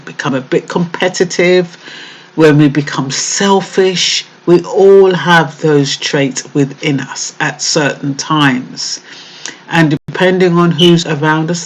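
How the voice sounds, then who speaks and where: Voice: medium pitch, low-quality recording. A vlogger giving a casual, reflective monologue, thinking aloud with many hesitations and fillers.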